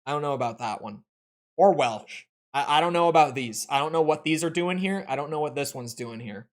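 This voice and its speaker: A man's voice: a little high, fairly quick. Opinionated Midwestern guy streaming. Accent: American Midwestern. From American Midwest. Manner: opinionated, animated, rambling with restarts. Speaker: game streamer. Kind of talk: casual live-stream chat.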